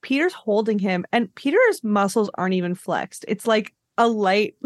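A woman's voice: medium pitch, lively intonation, normal speed, no echo, studio quality. A woman co-hosting a podcast, making wry jokes in casual recap chat. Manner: wry, joking, laughs along. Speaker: podcast co-host.

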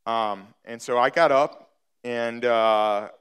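Middle-aged pastor guy preaching, chatty and full of ums, crisp bright voice. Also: medium pitch, steady tone, slow. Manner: conversational, many fillers and restarts, builds to emphatic. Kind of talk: sermon with personal story.

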